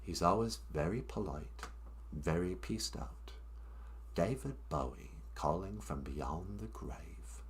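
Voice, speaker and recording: A man's voice: low-pitched, expressive, slow, slight background noise, voice pushed down. A man doing an impression of a very polite male rock singer with a put-on English accent, dropping his H's.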